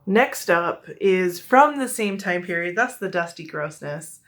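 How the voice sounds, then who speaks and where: A young woman with an American Midwestern accent speaks in a lowish, slightly bright voice, expressive and unhurried. She's showing off her mug collection in a casual chat, rambling along with lots of fillers and self-corrections.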